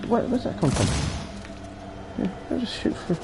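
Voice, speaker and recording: Chatty man, lively and playful. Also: high voice, takes it slowly, music in the background. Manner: chatty, playful, rambling, breaks into silly shouts. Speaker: live streamer playing a game. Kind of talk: casual chat with live chat.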